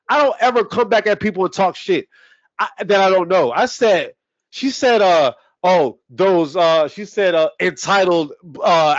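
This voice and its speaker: A man's voice: high voice, no echo, lo-fi sound. A man co-hosting a sports podcast, ranting heatedly with heavy swearing in casual talk. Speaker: podcast co-host.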